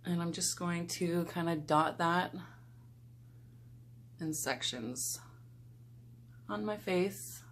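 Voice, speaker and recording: A woman's voice: on the low side, slow pace, long pauses, slight background noise. A young woman vlogger chatting casually as she does her makeup and talks through each product. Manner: chatty, relaxed, talks while applying makeup. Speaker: beauty vlogger. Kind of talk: casual get-ready-with-me talk.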